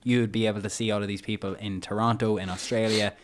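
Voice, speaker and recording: A man's voice: fairly low pitch, level tone, fast, a little hiss or hum. An Irish man hosting a podcast, asking long, rambling questions in a chatty way. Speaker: podcast host. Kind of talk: casual podcast conversation.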